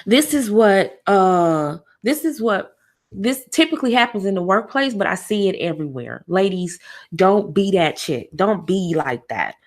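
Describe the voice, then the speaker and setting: Taking her time, a woman hosting a laid-back livestream talks through relationship advice with lots of energy. Her speech is full of fillers and repetition, broken up by sudden shrill, mocking impressions when she quotes people.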